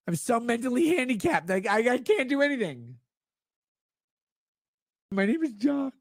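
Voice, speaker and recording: A shrill, whining grown man who begs and pleads, as a drunk man mocks him. The put-on voice sits far above the speaker's own and cracks into a sobbing squeal. The delivery sounds husky and dry. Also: very animated, moderate pace, no room sound, full character voice. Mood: whiny begging. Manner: mocking, sobbing shrill whine. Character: whiny, pathetic, begging adult man.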